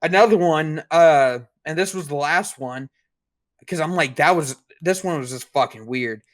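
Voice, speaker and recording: A young man co-hosts a podcast with a voice a little higher than most men's. He tells stories in a rambling, halting way, often restarting his sentences. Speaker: podcast co-host. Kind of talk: casual chat.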